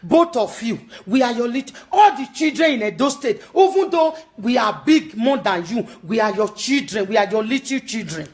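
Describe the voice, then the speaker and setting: A woman's voice: lively intonation, moderate pace, few pauses. Pleading Nigerian woman, chanting appeals. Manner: pleading, repetitive, voice dropping low on entreaties, slipping into sung chant. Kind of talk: emotional spoken appeal.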